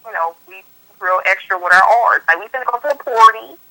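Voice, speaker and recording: A woman's voice: medium pitch, brisk, a loud crowd, low-quality recording. A woman from the US West Coast, hosting a podcast in loose, slangy casual chat full of fillers and laughter. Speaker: podcast host.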